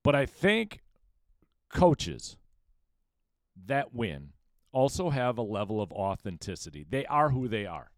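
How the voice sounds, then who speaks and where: A man's voice: mid-range voice, big pitch swings, measured pace, pauses often, no echo. A man hosting a solo sports podcast, giving emphatic, opinionated commentary and throwing rhetorical questions at his listeners.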